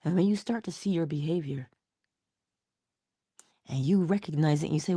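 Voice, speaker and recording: A middle-aged woman giving a motivational morning talk, speaking slowly and deliberately and answering her own rhetorical questions. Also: low voice, warm tone, husky, no echo, clean studio sound. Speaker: inspirational speaker.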